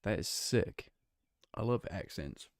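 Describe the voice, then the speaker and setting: A man's voice: on the low side, expressive, slow pace, dry recording. A young man with a northwest English accent close to Manchester, chatting casually with his stream chat while he plays, rambling and restarting his sentences. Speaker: game streamer.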